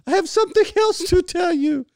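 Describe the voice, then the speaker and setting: A blunt, matter-of-fact older Hungarian mother, put on by a man in a podcast chat. The voice jumps far up into a high falsetto with a Hungarian accent, and its timbre sounds nothing like his own. It is recorded close and dry. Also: gravelly, a little mellow, no room sound, full character voice.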